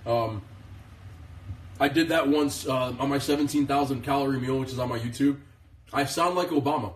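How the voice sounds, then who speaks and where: A man's voice: medium pitch, moderate pace, long pauses, far from the mic. Sarcastic man rambling on a roomy live-stream. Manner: deadpan sarcastic, rambling with many "um"s. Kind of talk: casual joking live-stream chat. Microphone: phone. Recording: roomy, voice away from the mic.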